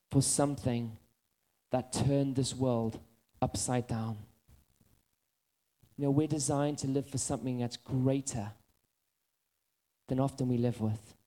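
A male preacher delivering a sermon with a middle-pitched voice. He tells self-mocking stories with lively energy, then softens into quiet, earnest appeals. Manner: animated storytelling, drifting into soft earnest appeals.

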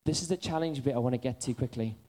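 A man in his thirties preaching a sermon, earnest and building to excited urgency. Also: medium pitch, fast.

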